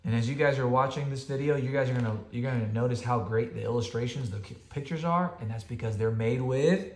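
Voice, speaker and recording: A man's voice: medium pitch, fast. A father reading a children's picture book aloud, chatty, with asides to his kids. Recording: roomy home room echo.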